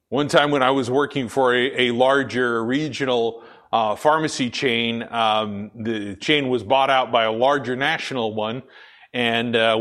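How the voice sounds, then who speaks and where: This is a conversational sermon from a middle-aged man acting as pastor, whose deep, full, radio-like voice has a fairly bright tone. He leans on many fillers and frequently starts over.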